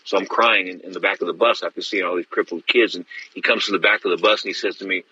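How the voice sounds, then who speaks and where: A man's voice: low-pitched, steady tone, quick pace, pushed and bright, lo-fi sound, slight background noise. A middle-aged man hosting a boxing radio show, telling a story with emphasis and calling his listeners folks. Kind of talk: animated radio talk.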